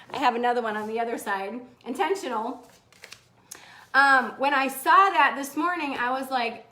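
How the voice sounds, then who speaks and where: A woman's voice: high voice, a bit bright. A woman chatting casually on a livestream, reading viewer comments, laughing often and swearing now and then. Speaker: motivational vlogger reading live comments. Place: indoors, seated.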